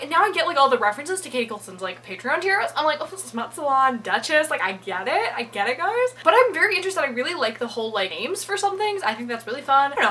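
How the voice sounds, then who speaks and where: A woman's voice: high voice, pushed and bright, a little hiss or hum, low-quality recording. A young woman chatting casually in her reading vlog at home, swearing freely and laughing often. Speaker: book vlogger.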